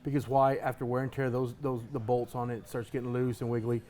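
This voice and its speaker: A man's voice: medium pitch, flat delivery, a little fast, dark tone, slight background noise. A man who competes as a pitmaster, talking in a casual interview with an emphatic, hyped-up delivery and repeated words.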